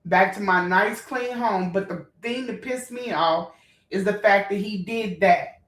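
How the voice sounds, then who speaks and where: A woman's voice: medium pitch, unhurried, fairly bright tone, recorded from a distance. Fired-up woman ranting in an echoey room. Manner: blunt, profane, emotional, talks straight to viewers. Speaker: vlogger. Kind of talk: heated storytime rant.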